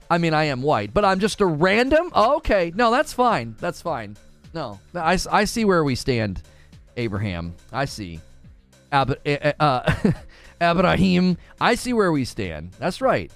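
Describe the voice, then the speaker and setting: A man hosting a casual live stream, talking straight to his chat. His voice is fairly high and swings widely in pitch as he jokes, laughs, and drops into playful voices. Faint music plays underneath. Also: very animated, normal speed. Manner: jokey, laughs often, slips into playful put-on voices. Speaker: streaming show host.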